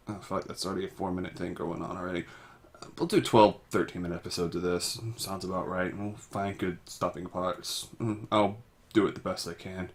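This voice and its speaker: A man's voice: sits low, normal speed. A young man casually reading aloud through a text game. He swears often and stumbles over words. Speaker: game reader. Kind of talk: casual let's-play reading.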